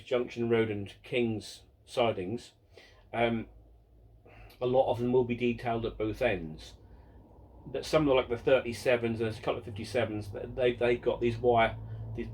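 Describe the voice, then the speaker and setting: A man's voice: medium pitch, darkish tone, slightly rough. A man hosting a casual question-and-answer vlog about his model railway, rambling and chatty, often repeating words and mocking himself. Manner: self-mocking and exasperated.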